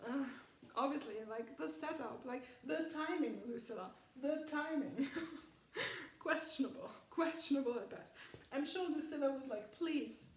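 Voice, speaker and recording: A woman's voice: sits high, animated, measured pace, distant mic, a little hiss or hum. A woman in casual spoken commentary who rambles with lots of fillers and laughs often. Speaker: film commentary vlogger. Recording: echoey room, voice off-mic.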